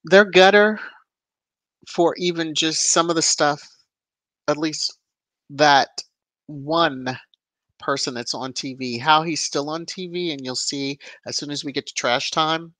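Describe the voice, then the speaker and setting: A woman hosting a casual livestream, chatting and greeting viewers by name with lively rises in her voice. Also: deep voice, unhurried, no room sound. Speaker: livestream host. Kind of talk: casual live chat reading viewer comments.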